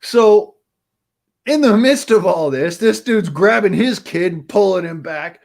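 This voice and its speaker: A man's voice: high voice, lively intonation, moderate pace, creaky. A man from Utah in casual chat, telling a rambling childhood story and cursing freely.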